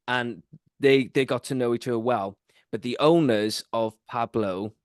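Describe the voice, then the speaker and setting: A man's voice: on the low side, dry recording, studio quality. A male podcast host, telling a rambling story in a casual chat, full of fillers.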